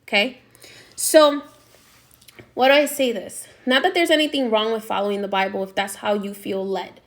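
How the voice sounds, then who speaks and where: A woman's voice: mid-range voice, fairly even intonation, moderate pace. A woman who teaches spiritual practice, telling a story in a chatty monologue and checking in with her listeners. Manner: chatty, frequent "okay?" check-ins.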